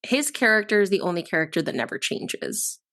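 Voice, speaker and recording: A woman's voice: lowish voice, big pitch swings, brisk, fairly bright tone. Chatty woman podcast co-host. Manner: chatty, frequent agreeing and laughing. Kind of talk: casual movie discussion.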